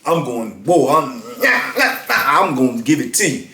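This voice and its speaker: A man's voice: mid-range voice, sing-song, measured pace, bright, forceful tone. Emphatic man in his fifties, roomy echo. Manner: emphatic, repeats lines for weight. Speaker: storyteller recounting prison life. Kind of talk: casual storytelling.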